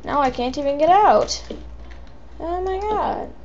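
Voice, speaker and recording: A woman giving excitable, chatty commentary while playing a video game and talking to her viewers. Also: high-pitched, measured pace, dull audio, slight background noise. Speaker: let's play gamer. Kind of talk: live gameplay commentary.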